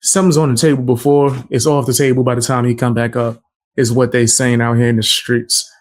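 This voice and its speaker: A man's voice: medium pitch, flat delivery, brisk. A man with an ordinary mid-range voice reacts to a clip in loose, casual commentary. He is sarcastic and joking, laughing as he makes his points. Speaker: reaction video host.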